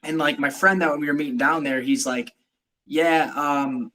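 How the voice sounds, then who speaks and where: A man's voice: a little high, fairly even intonation, normal speed, pushed and bright, rough recording. A man hosting a podcast, telling a personal story in casual chat with many fillers. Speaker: podcast host.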